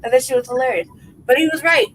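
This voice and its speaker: A high-voiced woman who talks fast hosts a podcast on a rough recording. Laughing through her rambling, profane story in casual chat, she keeps checking in with "right?" and "you know what I mean?"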